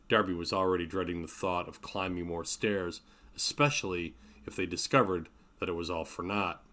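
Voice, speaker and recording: Low-voiced man narrating a novel. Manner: measured, steady reading. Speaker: author reading his novel. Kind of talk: audiobook narration.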